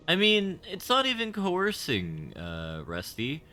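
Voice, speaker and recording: A man's voice: sits high, huge pitch swings, slow pace, few pauses, bright, forceful tone, soft background music. A young man casually commenting while live-streaming a game, rambling and giggling at his own jokes. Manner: giggly, rambling, self-deprecating.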